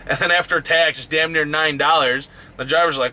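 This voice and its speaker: A man's voice: on the high side, steady tone, moderate pace, pushed and bright. A man who drives trucks, ranting angrily about a truck stop in a heated, profane, rising voice. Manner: heated, swears constantly, voice rising in outrage. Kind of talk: angry profane rant.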